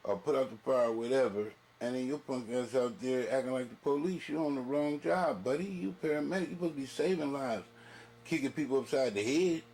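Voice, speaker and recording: A man hosting a reaction video, ranting in profane, animated casual commentary. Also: medium pitch, brisk, slight background noise.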